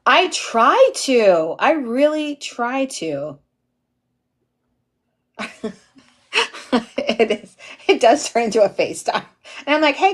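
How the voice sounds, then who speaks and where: A tired woman in her forties, an instructor chatting casually and goofily with livestream viewers, reading their names and laughing often. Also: mid-range voice. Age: 40s. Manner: goofy, giggly, talks to chat by name.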